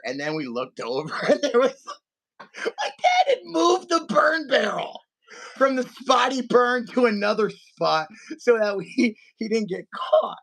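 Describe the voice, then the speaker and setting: A man co-hosting a podcast, telling a family story in animated casual chat and acting out his relatives' voices. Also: extremely high pitch, a little slow. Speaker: podcast co-host.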